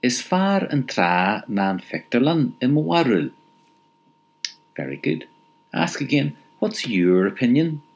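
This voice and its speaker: A man teaching a recorded language lesson, patiently repeating phrases and pausing for the listener to answer, with light chuckles now and then. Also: medium pitch, very animated, vocal fry.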